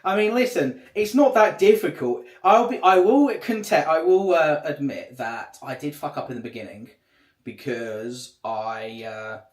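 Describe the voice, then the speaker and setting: A man's voice: a little high, measured pace. A man chatting casually on a livestream, rambling and swearing a lot. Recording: echoey room.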